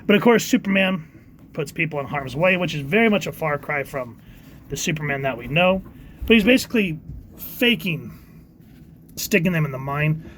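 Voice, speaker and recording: A man giving a casual comic book review, halting often with fillers and reading quoted lines in quick put-on voices. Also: a little high, expressive, fairly bright tone, slight background noise.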